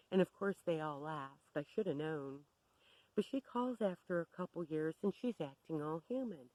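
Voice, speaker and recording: Candid storytime narrator, blunt and wry, mid-pitched voice. Dry recording. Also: lively intonation, normal speed, mellow, no room sound, rough recording. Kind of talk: personal storytime.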